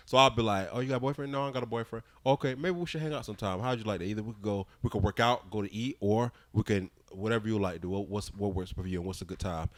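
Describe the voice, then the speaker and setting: A young male podcast co-host races through a blunt, straightforward story with hardly any pauses, his voice on the low side. Animated, he plays both sides of the conversation in quoted voices, and no room sound is heard.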